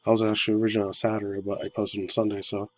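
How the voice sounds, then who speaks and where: A man in his thirties, hoarse from a sore throat, rambling casually through a vlog as a gaming news host. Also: lowish voice, completely flat delivery, racing, fairly bright tone, poor audio. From United States. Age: 30s. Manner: rambling, fillers, loose slangy talk.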